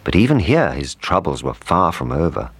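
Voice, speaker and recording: A man reading a children's storybook aloud with expressive, lively intonation. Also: low-pitched, normal speed, husky, dry recording.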